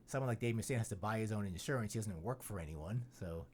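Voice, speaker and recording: A man's voice: fairly low pitch, fast talker, darkish tone, a little hiss or hum. A man hosting a podcast in casual chat, rambling and joking with lots of "you know" fillers. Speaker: podcast host.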